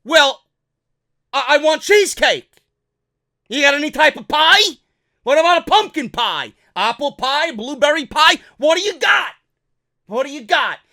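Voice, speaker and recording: A man's voice: extremely high pitch, big pitch swings, unhurried, pauses often, bright, forceful tone, voice pushed up, heavily acted. A man imitating a pushy, demanding family man who curses and insists.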